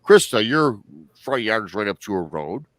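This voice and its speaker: A man's voice: fairly low pitch, big pitch swings, moderate pace, a bit bright, no room sound. A man from Michigan hosting a livestream, telling a story in a rambling, chatty way that often corrects itself. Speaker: host.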